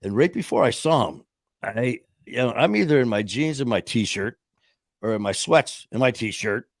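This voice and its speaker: A man in his fifties spins a loose, animated story at an ordinary mid pitch. He keeps restarting his sentences and slips into quoted voices. The sound is close and dry, with no room around him. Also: moderate pace, dry recording. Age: 50s. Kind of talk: casual storytelling chat.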